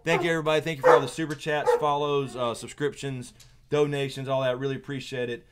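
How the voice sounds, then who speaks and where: A man's voice: mid-range voice, little pitch movement, fast, very noisy. A man with a Southern American accent hosting a casual livestream chat, rambling, laughing often and full of fillers and restarts. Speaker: YouTube channel host.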